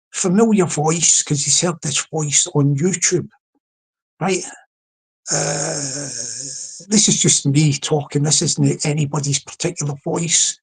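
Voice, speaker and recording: A man with a London accent talks through a late-night solo live stream, his voice sitting a little high and sounding husky. He rambles and restarts, breaking off to greet people in the chat as he spins a comic story. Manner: rambling, halting, with many restarts and asides to the chat; humorous storytelling.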